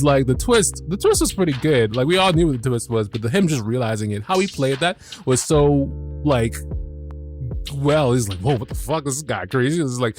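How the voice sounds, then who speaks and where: A man hosting a review podcast, talking in a loose and animated way. He swears freely, stumbles over restarts and fillers, and has a middle-pitched voice with faint music underneath. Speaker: podcast host. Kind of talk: casual episode recap.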